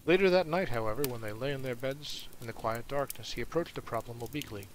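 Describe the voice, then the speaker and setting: Guy reading a fantasy book out loud, earnest, normal pitch, slight hiss. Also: quick pace, hardly any pauses, rough recording. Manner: earnest reading, with asides to listeners. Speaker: audiobook reader. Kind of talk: reading a fantasy novel aloud.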